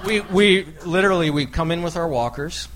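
A man's voice: fairly high pitch, a little fast, crowd noise. A man appearing as a guest on a live comedy show, bantering with dry, playful self-deprecation. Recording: live audience noise behind.

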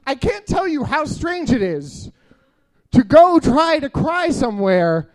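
Stand-up comic, man, early 30s, high voice, rambling and self-deprecating delivery. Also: sing-song, slow pace, a little mellow. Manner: rambling, self-deprecating, many filler uhs. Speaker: stand-up comedian. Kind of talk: stand-up storytelling.

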